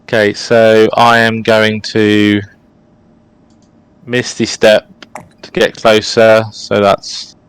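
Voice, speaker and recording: Man, tabletop game player, low voice, smooth, monotone, methodical. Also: takes it slowly, long pauses, no room sound, poor audio. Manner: counts moves aloud, flat and methodical. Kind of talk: casual tabletop game play.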